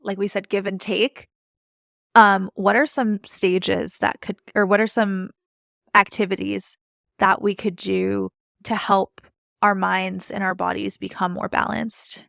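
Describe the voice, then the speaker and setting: A woman's voice: mid-range voice, flat delivery, unhurried, gravelly, a bit bright, no echo, studio quality. A woman hosting a podcast, chatting casually and often restarting her questions mid-sentence. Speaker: podcast host. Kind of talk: casual interview chat.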